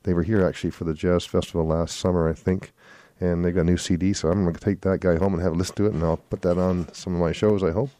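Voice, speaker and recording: A low, mellow voice delivers swing-show event listings flatly and quickly, with hardly any pauses and no room sound. The radio host's casual announcements ramble, and he corrects himself when he stumbles.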